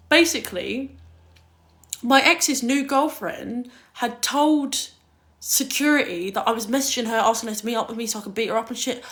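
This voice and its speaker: A woman's voice: a little high, normal speed, a bit bright. A young woman from Kent, telling stories in a casual livestream chat, full of fillers and swearing. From Kent, England. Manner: chatty storytelling, lots of "like", swearing.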